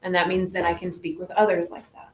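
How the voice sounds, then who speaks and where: A woman leading a group in a relaxed, reflective way, often saying "like". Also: lowish voice, fairly quick. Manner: relaxed, reflective, says "like" a lot. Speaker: group facilitator. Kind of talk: casual wellness group talk. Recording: echoey room, faint noise.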